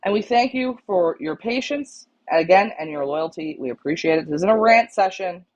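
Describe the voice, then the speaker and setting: A woman's voice: lowish voice, expressive, moderate pace, a little mellow. Blunt, exasperated woman on lo-fi audio. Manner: blunt, exasperated, repeats points for emphasis. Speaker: co-host of a pigeon auction club show. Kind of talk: casual live-stream chat to club members. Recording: dull, lo-fi stream audio.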